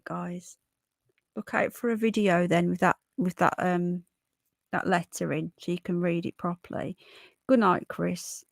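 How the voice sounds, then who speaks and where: A woman in her early forties with a hoarse voice, hosting a casual livestream and chatting with viewers, calling them love and darling. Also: on the low side, dry recording. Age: 40s. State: hoarse from illness. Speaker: livestream host. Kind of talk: casual live chat.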